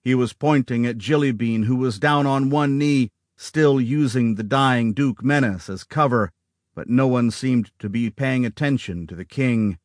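A man narrating an audiobook in a steady, dramatic storytelling manner, close to the microphone. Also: medium pitch, a little slow, no echo.

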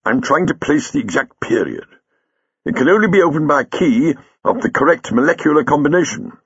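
A brooding, eccentric traveller with a musing, abrupt way of talking, played by a male reader. His pitch moves a lot, and the voice is slightly husky. The recording sounds dull. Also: sing-song, a little fast, fairly bright tone, no echo, heavily acted. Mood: thoughtful. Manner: thoughtful, abrupt bursts of anger.

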